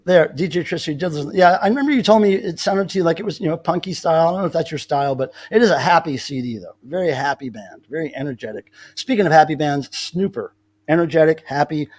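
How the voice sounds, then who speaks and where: A man's voice: a little high, quick pace, darkish tone. A man hosting a casual live stream, telling rambling stories with many restarts. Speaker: livestream host.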